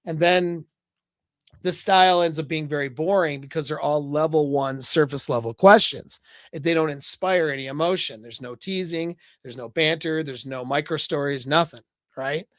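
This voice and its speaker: A man's slightly higher-than-usual voice comes through a dry, close recording with no room sound. He coaches on dating in a loose, casual live talk, leaning on fillers and asking "right?" often. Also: normal speed, no room sound.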